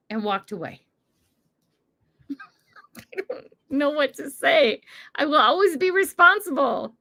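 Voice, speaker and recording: Reading her chat aloud, an older woman from the United States hosts a casual livestream and laughs frequently with viewers. She has a sharp, high-pitched voice with lively intonation, speaking at a measured pace and pausing often.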